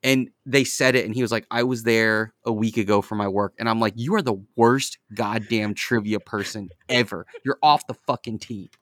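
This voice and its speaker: A man co-hosting a podcast, telling animated, profane stories with frequent laughter. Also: lowish voice, normal speed, hardly any pauses, dry recording, studio quality. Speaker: podcast co-host. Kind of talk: casual chat.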